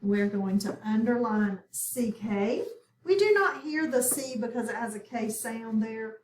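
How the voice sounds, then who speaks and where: Animated and fairly high-pitched, with a darkish tone, a woman gives patient phonics instruction at a slow pace. She sounds out words and repeats them slowly, encouraging the students with questions. A little hiss or hum can be heard.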